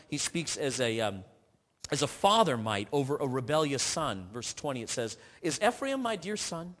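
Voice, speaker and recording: Earnest preacher man in a reverberant hall. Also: fairly bright tone. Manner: earnest, rising to emphatic peaks and dropping low; reads scripture aloud with frequent restarts. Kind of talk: sermon.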